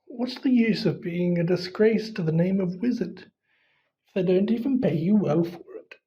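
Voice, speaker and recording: A reader voicing a cold, cruel aristocratic wizard father who speaks in a quiet, contemptuous drawl. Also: mid-range voice, moderate pace, dull audio, natural voice. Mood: sneering.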